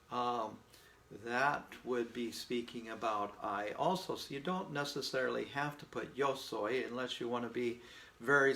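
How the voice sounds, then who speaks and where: Man, language teacher, folksy and patient, gravelly voice, echoey room. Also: mid-range voice, pushed and bright. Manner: slow, patient, folksy explaining with memory tricks. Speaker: Spanish teacher. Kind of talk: informal language lesson.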